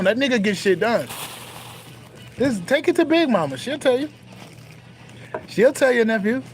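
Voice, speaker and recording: Young man, high voice, emphatic and profane spiritual monologue, faint music bed. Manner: profane, emphatic, repeats phrases. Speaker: spiritual content creator.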